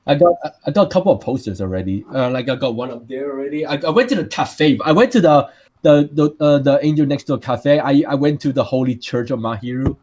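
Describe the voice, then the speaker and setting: A man's voice: mid-range voice, animated, fast talker, darkish tone. A man from Taiwan with a Taiwanese accent, co-hosting a casual podcast and telling rambling stories with repeated words and restarts. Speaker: podcast co-host.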